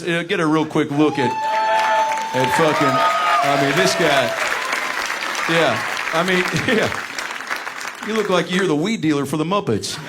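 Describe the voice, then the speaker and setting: A man doing live stand-up crowd work, teasing audience members with brash, profane jokes. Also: a little high. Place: comedy venue with live audience. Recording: live room with crowd laughter and noise.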